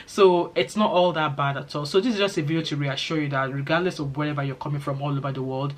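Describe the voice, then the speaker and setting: A woman's voice: low voice, fairly even intonation, quick pace, few pauses. A middle-aged Nigerian woman with a Nigerian accent chatting casually to her vlog viewers, reassuring and easygoing, with pidgin phrases slipping into her talk. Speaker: vlogger.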